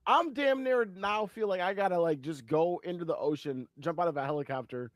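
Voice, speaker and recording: A man's voice: sits high, brisk, no echo. A young man co-hosting a podcast, joking around in casual chat and laughing often. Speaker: podcast co-host.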